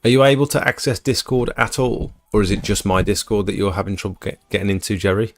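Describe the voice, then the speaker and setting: A man's voice: fairly low pitch, steady tone, fast talker. A British man hosting a livestream, chatting casually and answering viewers' questions as they come in. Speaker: livestream host. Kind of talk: casual live chat.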